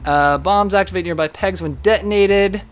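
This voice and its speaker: A man streaming a game live, chatting casually and reading viewer comments aloud in an animated way. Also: sits high, normal speed, soft background music.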